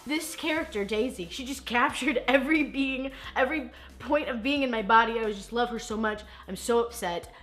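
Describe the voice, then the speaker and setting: A woman hosting a casual movie recap vlog, talking in an animated, gushing way with laughter and some cursing. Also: a little high, brisk, hardly any pauses, soft background music. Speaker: vlog host reviewing movies.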